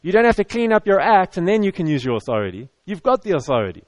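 A man's voice: sits high, very animated, fast, no echo. A man preaching a sermon to an audience, talking in a conversational, repetitive way with stammered restarts. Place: church hall with audience.

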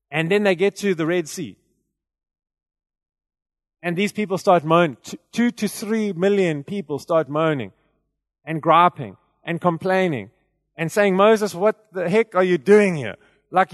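Pastor, male, higher voice, lively chatty preaching style, hall reverb. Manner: energetic, conversational preaching with frequent fillers and restarts. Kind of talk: sermon.

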